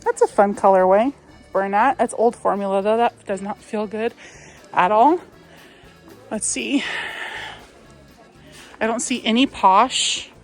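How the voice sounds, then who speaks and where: A woman vlogging casually while she walks through a craft store on her phone, chatty and a little wistful, with soft laughs now and then. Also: medium pitch, unhurried, long pauses, soft background music. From United States. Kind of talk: casual shopping vlog chat. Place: inside a large craft store. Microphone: phone held while walking.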